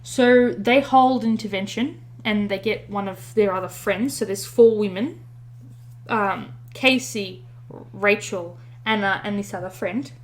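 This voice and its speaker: A woman's voice: mid-range voice, a little slow. A woman co-hosting a podcast, retelling a story in casual chat with many fillers and self-corrections. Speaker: podcast co-host.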